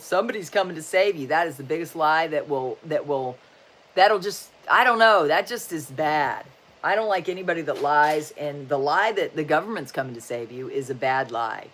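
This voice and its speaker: Woman in her sixties, livestream host, casual chat, folksy, low-pitched. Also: a bit bright. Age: 60s. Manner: chatty and folksy, often saying "just saying"; upbeat, tells corny jokes.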